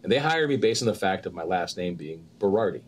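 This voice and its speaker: Male actor guest, lively storyteller, lowish voice, light background hiss. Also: quick pace. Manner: animated storyteller, acts out quotes with laughter. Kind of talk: casual interview chat.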